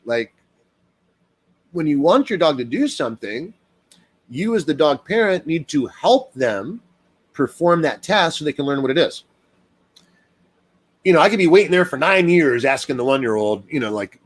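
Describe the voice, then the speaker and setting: A man's voice: animated, a little fast. A man, a dog trainer, talking casually in a rambling monologue full of fillers and acted-out quotes. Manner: rambling, lots of fillers, acts out quoted people in higher voice.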